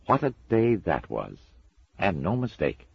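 A man voicing a fussy, gentle male angel who speaks softly and dreamily, in a storybook reading. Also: low-pitched, wildly swooping pitch, unhurried, gravelly, slightly rough, no echo, highs cut off, pitched above the performer's own voice, full character voice. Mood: wistful. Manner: soft, dreamy and polite.

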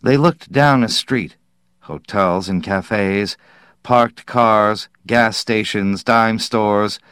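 A man reading a story aloud in a measured, deliberate narration. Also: fairly low pitch, fairly bright tone, clean tone, no room sound, clean studio sound. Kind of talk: scripted audiobook narration.

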